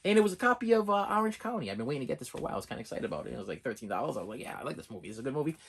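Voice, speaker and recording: A middle-aged man rambles through a story for his video channel, circling back and repeating phrases as he goes. His voice is husky with a bright, edgy tone, and his pitch swings widely from low grumbles to high exclamations. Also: racing. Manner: animated, repetitive storytelling with restarts. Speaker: movie collector vlogger. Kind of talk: rambling casual monologue.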